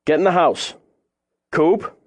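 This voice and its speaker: A man's voice: on the high side, takes it slowly, no echo, voice pushed up. A man voicing a frightened farm father who barks urgent orders at the kids, in an audiobook reading. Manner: urgent, commanding shouts.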